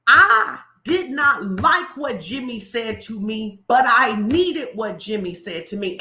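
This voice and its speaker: A woman pastor preaching with a bright, ringing edge, pitched a little high for her sex. She talks to the crowd in a loose, colloquial way and keeps it animated. The room around her is echoey. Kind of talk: sermon-style motivational talk.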